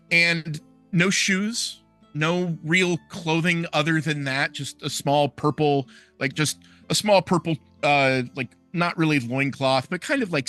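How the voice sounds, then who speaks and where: A man describing his character in a tabletop game, slow and vividly descriptive. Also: on the high side, bright, forceful tone. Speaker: player.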